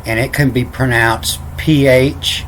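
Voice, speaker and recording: Slow, halting man spelling out letters. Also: mid-range voice, fairly even intonation, a bit bright, a little hiss or hum. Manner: halting, repeats words, spells out letters one by one. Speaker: self-taught lecturer. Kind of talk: unscripted explanation of ancient letters.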